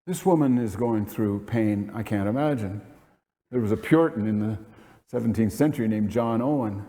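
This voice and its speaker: A man's voice: on the low side, moderate pace, warm tone. A man preaching a sermon as pastor, earnest and emphatic, asking rhetorical questions. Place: church sanctuary. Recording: long hall reverb.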